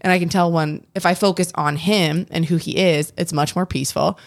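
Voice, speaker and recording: Low, gravelly woman in earnest chat. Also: steady tone, brisk, no room sound. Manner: earnest, rambling with many restarts. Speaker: podcast co-host. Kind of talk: casual faith chat.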